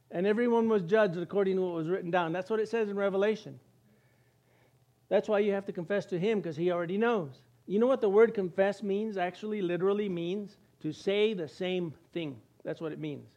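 A man's voice: high voice, lo-fi sound. A middle-aged male pastor giving a conversational sermon, with joking asides and little acted-out voices. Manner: lively, joking asides, acts out quoted voices.

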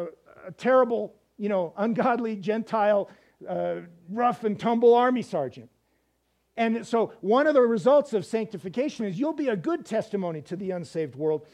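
A man pastor preaching a sermon in a church, halting and often repeating words as he goes. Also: high-pitched, warm tone.

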